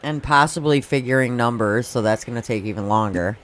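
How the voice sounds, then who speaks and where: A woman's voice: rumbling low, a little fast. A woman in casual chat, teasing and asking questions, often laughing.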